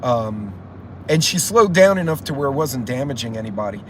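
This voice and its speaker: A man's voice: mid-range voice, animated, brisk, a little hiss or hum. A middle-aged man hosting a casual livestream, telling stories in a rambling, profane way. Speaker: channel host.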